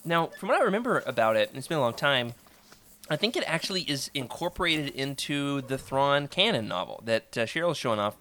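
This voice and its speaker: A man from the American South hosting a casual book-discussion podcast, animated and jokey, laughing often. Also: medium pitch, fairly quick, a little hiss or hum. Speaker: podcast host.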